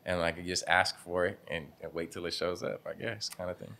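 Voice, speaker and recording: A man's voice: sits low, fairly even intonation, fairly quick, gravelly, sharp tone. A young man who owns a barbershop, telling stories in a casual interview in a laid-back, slangy way, laughing often and acting out what people said. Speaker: barbershop owner, guest.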